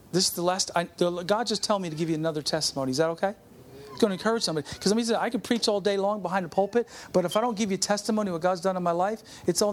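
A man's voice: high voice, slight background noise. A middle-aged man preaching a sermon, telling a personal testimony in a conversational way and calling out to the congregation. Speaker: pastor.

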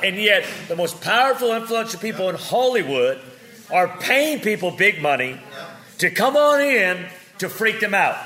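Bright, animated male preacher. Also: sits high, normal speed. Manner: animated, joking, swings from loud to quiet. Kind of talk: sermon with comic storytelling.

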